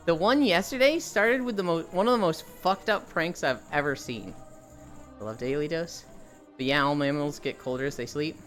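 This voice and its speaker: A live streamer walking on a treadmill while chatting casually with viewers, telling animated stories and swearing freely. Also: medium pitch, moderate pace, soft background music.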